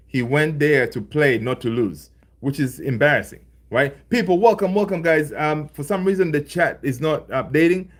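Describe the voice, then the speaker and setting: A man hosting a casual football livestream, rambling and animated, packing his talk with fillers and "right?". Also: medium pitch. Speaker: football channel livestream host.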